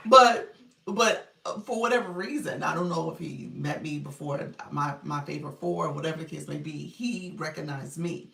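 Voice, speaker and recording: A woman's voice: low-pitched, fairly even intonation, moderate pace, creaky, a bit bright. A woman coaching on a live stream, chatting casually, greeting viewers and laughing often. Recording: echoey room, voice distant from mic.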